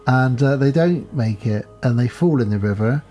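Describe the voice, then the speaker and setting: A man's voice: medium pitch, normal speed, dark tone, soft background music. A man co-hosting a podcast, casually retelling a film plot and acting out bits of dialogue. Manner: rambling recap, acts out lines. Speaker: podcast co-host.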